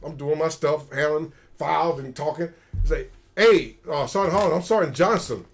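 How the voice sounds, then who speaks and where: A man's voice: fairly high pitch, normal speed. A middle-aged man, a retired soldier, tells stories casually on a livestream and acts out the quoted dialogue. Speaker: retired special forces soldier, guest.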